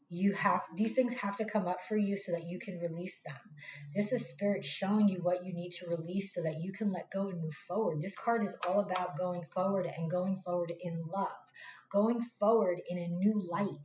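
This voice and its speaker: A woman with a fairly low voice gives a casual spiritual tarot talk, blunt and swearing freely as she speaks to her viewers. Her voice comes through an echoey room on a dull, lo-fi recording with faint hiss. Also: darkish tone. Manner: candid, swears freely, talks straight to viewers. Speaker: tarot reader.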